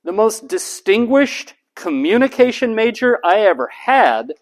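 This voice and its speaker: Here a man from the US gives a measured college lecture, saying key terms again slowly. He illustrates different voice types, sinking into a low, flat monotone when giving examples.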